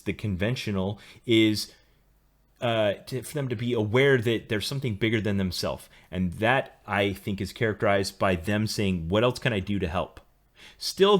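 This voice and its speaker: A middle-aged man with a somewhat low voice co-hosts a casual podcast. He explains his ideas at length, laying them out step by step like a lecture. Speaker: podcast co-host.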